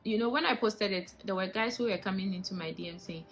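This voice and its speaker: A young woman with a Ghanaian English accent talks straight to camera in a casual vlog, animated and indignant, firing off rhetorical questions. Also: mid-range voice, fast talker, dull audio, soft background music. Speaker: vlogger.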